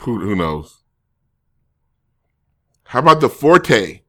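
A man's voice: mid-range voice, very animated, takes it slowly, sharp tone. A man streaming casually, reading viewer comments and rambling through jokes and self-corrections.

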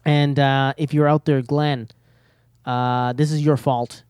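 A man's voice: mid-range voice, little pitch movement, slow, a little mellow, clear, resonant tone, no room sound, clean studio sound. A man hosting a podcast alone, rambling nervously with many fillers and jokes at his own expense. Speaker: podcast host. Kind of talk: casual solo podcast chat.

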